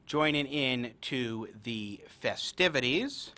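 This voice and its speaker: A man hosting a radio talk show, upbeat and energetic in his patter. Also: mid-range voice, measured pace. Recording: music bed behind.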